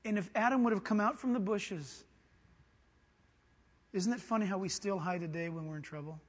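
High-voiced preacher man in a reverberant hall. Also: moderate pace, long pauses, slightly rough. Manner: dramatic, acts out quoted voices, swings from hushed to shouting. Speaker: pastor. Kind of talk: sermon.

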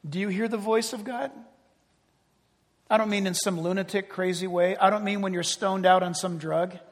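Male preacher, high voice, dramatic swings from loud to hushed, in a big reverberant church. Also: fairly even intonation, normal speed. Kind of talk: sermon. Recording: long reverb of a large hall.

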